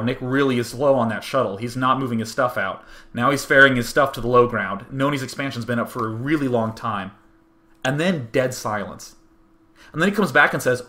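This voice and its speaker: Casting: young male host, bright voice, lively storyteller who mimics other people's lines. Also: normal speed. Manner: animated, acts out others' words with big jumps in pitch and volume. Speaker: show host. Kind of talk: casual storytelling to a live stream audience.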